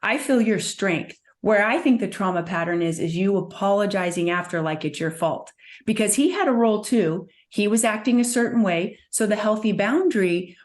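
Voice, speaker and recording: A woman working as a somatic trauma practitioner, talking as an interview guest in an earnest, soothing way and guiding with gentle prompts. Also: medium pitch, animated, normal speed. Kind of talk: guest in conversation, gentle coaching.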